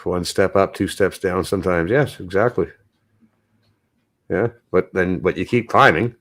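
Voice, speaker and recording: Swearing, rambling man with a low voice. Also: measured pace, fairly bright tone. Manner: rambling, swears a lot, gets anxious. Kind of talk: casual chat.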